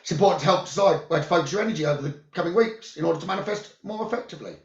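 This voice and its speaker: A man who works as a psychic medium, giving calm, soothing spiritual guidance about the new moon, crystals and journaling. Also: a little high, racing. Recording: roomy, dull lo-fi sound.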